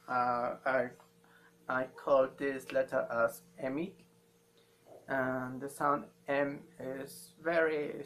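Slow, gravelly male language teacher. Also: medium pitch, fairly bright tone, a little hiss or hum. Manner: slow, halting, repeats sounds many times for learners. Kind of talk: slow spoken language lesson.

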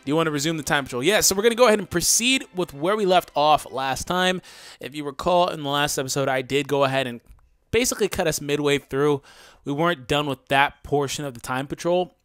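A young man hosting a let's play, chatting casually to viewers and reacting loudly to the game, his voice groggy today. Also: a little high, fairly quick, clear, resonant tone, no echo, soft background music. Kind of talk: casual gameplay commentary.

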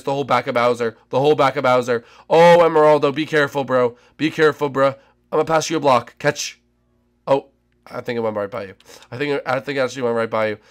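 A young man giving excitable Minecraft gameplay commentary as a gaming channel host, with loud, dramatic outbursts. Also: medium pitch, fast.

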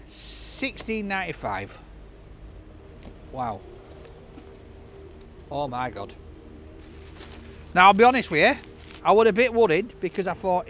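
A man's voice: high-pitched, fairly bright tone, a little hiss or hum. A man reviewing takeaway food in a casual vlog, chatty and cheerful, laughing often.

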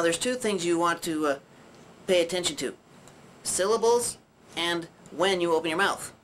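A man's voice: fairly high pitch, a bit bright, slight background noise. A man doing Dusty, a chatty puppet teacher. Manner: joking, rambling, clears throat often. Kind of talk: puppet demonstration lesson.

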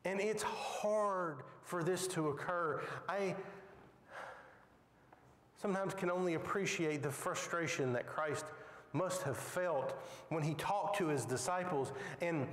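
A man's voice: fairly high pitch, slow, fairly bright tone. A man teaching a Bible lesson with dramatic, emphatic storytelling, recorded in a church. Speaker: Sunday school teacher. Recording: echoey hall with long reverb.

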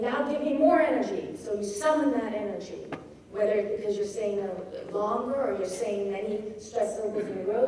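A woman giving an informal talk on poetry, thoughtful and pausing to search for her words. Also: medium pitch, dark tone. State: feeling cold. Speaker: poetry teacher. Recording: distant mic in a very echoey room with faint noise.

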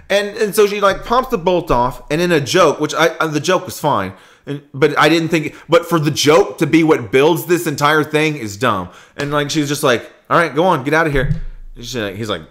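A young man hosting a podcast, chatting casually and retelling movie scenes in a rambling, animated way. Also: on the high side, a little fast. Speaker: podcast host. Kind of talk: casual movie review chat.

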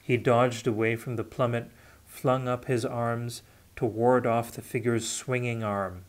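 A man reading a fantasy novel aloud unrehearsed, steady with occasional self-corrections. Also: mid-range voice, measured pace. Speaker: audiobook reader. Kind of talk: unrehearsed audiobook narration.

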